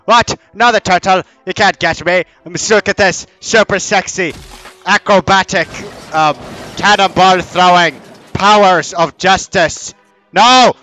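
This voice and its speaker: Young man, goofy gaming commentary, swears a lot, high voice, bright clear tone. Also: measured pace, soft background music. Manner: goofy, swearing, yelling at the game. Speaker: let's play host.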